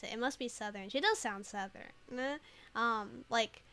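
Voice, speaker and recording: A woman's voice: a little high, unhurried, sharp tone. Giggly woman streamer talking over a game. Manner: giggly, chatty, thinks aloud with many fillers. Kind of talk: casual let's play commentary.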